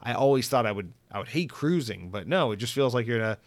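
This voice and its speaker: A man's voice: medium pitch, lively intonation, fast, no room sound. Profane, rambling man on a podcast. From Central Florida. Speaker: podcast host. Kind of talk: casual chat.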